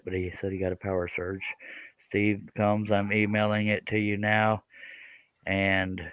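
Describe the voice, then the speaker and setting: A man's voice: low-pitched, clear, resonant tone, no room sound, narrow, tinny audio. A man hosting a live stream in a rambling, joking, casual chat while he works and greets guests and viewers.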